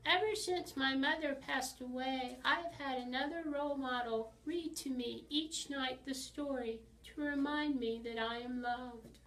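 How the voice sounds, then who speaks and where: A small wistful child. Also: male voice, very high voice, measured pace, few pauses, pushed and bright, distant mic, voice pushed up, full character voice. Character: small sad young child asking for a story.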